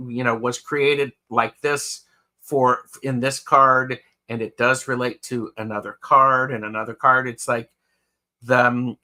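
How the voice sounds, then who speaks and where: A man's voice: medium pitch, bright, forceful tone. A man co-hosting a live tarot show, chatting casually and reading out viewer comments. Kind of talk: casual chat on a live stream.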